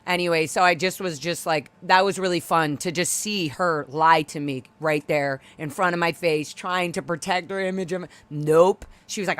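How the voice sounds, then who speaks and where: A woman on a live video call telling a story in casual chat, animated and loudly acting out the quoted lines. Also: fairly low pitch, moderate pace, no room sound. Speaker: guest on live stream.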